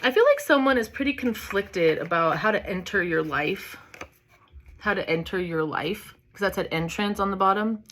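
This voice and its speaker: A woman's voice: mid-range voice, lively intonation, moderate pace, a bit bright. A woman giving a casual spiritual reading, chatty and candid, swearing freely and filling her talk with "like" and "you know". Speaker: tarot reader.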